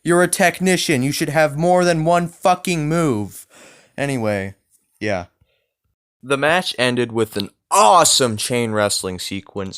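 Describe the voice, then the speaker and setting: A man's voice: medium pitch, a bit bright, clean tone. A man giving a casual, profane wrestling show review in a vlog, often slipping into rants.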